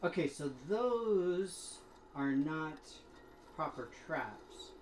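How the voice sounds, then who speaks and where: A man comments on his gameplay in a loose, playful, rambling way. His voice sits in a roomy space with a steady wash of noise behind it. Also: fairly high pitch, drawn-out words. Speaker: gaming streamer.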